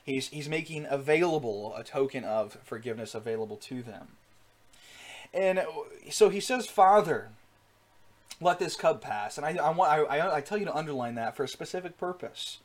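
An earnest male preacher teaching a sermon in a somewhat high voice. He builds to loud, emphatic peaks and often restarts his phrases with fillers. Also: lively intonation, fairly quick.

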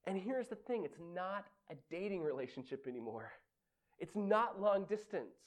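A male pastor giving a sermon in an animated, conversational way, laughing often. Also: high-pitched, normal speed.

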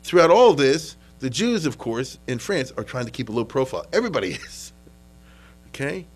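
A man's voice: medium pitch, very animated, normal speed, breathy edge, poor audio. A man lecturing on history in a loose, conversational way. He repeats words as he gathers his thoughts and keeps asking whether his listeners follow. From United States. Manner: conversational, checks in with "okay?" and "you understand?"; frequent restarts and repetitions.

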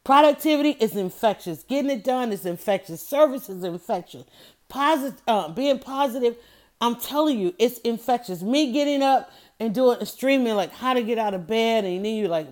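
A woman hosting a motivational podcast, telling stories with lively energy and repeating her key phrases to press a point. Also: on the high side, normal speed. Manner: lively storytelling, addresses listeners as y'all and honey. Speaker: podcast host.

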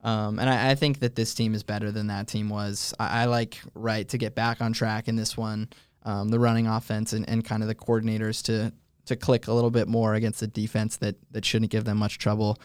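A young man hosting a casual college sports talk show, thoughtful and filling pauses with um as he thinks aloud. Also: fairly low pitch, level tone, clean tone, no room sound, studio quality. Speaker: host.

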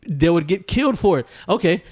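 Brief male podcast co-host, higher-pitched, laughing, argumentative. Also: animated, fairly quick, darkish tone, breathy edge. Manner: laughs often, argues a point, repeats himself. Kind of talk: casual podcast banter.

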